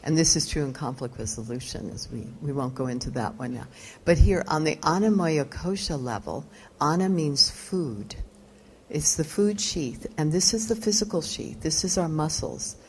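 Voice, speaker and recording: A woman's voice: sits low, normal speed, a little hiss or hum. A woman yoga teacher giving a live lecture, explaining terms and putting questions to her audience. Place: retreat lecture room.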